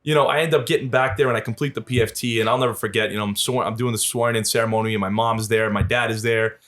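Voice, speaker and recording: A man in his thirties, a podcast guest, telling a lively story and acting out the voices of the people in it. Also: on the low side, quick pace. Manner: animated storyteller, acts out dialogue with swearing and laughs. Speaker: podcast guest, Marine veteran and police officer. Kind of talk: casual storytelling.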